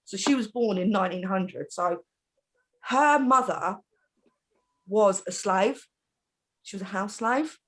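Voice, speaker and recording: A middle-aged woman from Britain, chatting in a group and telling family stories in an animated way, laughing often. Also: medium pitch, takes it slowly, long pauses. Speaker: panel host. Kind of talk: casual group chat.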